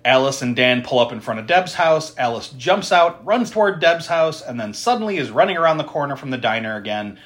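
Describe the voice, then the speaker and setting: A man's voice: medium pitch, expressive, a little fast, few pauses, fairly bright tone. A man co-hosting a podcast, casually retelling a horror film's plot with frequent laughter and swearing. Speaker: podcast co-host recapping a film.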